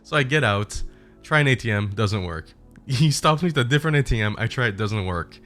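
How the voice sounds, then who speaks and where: A young man streamer casually retelling a bad trip, animated and profane. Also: medium pitch, brisk, soft background music. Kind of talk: casual storytelling.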